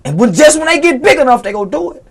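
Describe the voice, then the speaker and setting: A man's voice: very high-pitched, very animated, rapid-fire, a crowd in the background. A man in an interview pours out an impassioned, profane rant. He preaches as much as he talks, leaning on scripture and slang, with blunt force behind every point. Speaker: interview guest. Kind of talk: heated, unfiltered interview rant.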